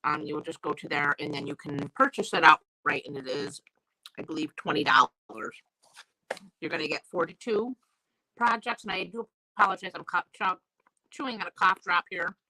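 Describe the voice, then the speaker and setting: A woman's voice: lowish voice, steady tone, moderate pace, pushed and bright, no echo. A woman with a sore throat and crackly voice, chatting casually as she hosts a live stamping class and greets viewers by name. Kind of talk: live-streamed craft class chat. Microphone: new desk mic.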